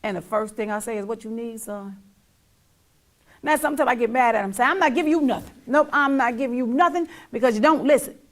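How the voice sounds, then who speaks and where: Speaking fairly quickly in a slightly high voice, a middle-aged mother shares her own story as personal testimony. She repeats herself emphatically and at times sinks nearly to a whisper.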